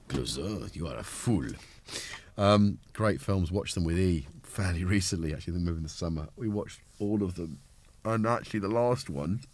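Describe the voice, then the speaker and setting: A middle-aged man with a cold hosts a relaxed live stream, talking to himself as he tinkers and poking fun at his own confusion. His voice sits fairly low but jumps around a great deal, with a faint hiss of noise behind it. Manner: rambling, self-mocking, talks while tinkering. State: has a cold. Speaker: livestream host. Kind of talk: casual live-stream chat.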